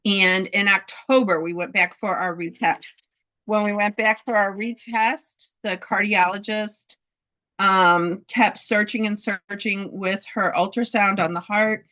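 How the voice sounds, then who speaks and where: A woman telling a heartfelt story about her dogs' health, halting, with many fillers and restarts. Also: mid-range voice, steady tone, sharp tone. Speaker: dog breeder sharing a testimonial. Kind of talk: casual testimonial in a group talk.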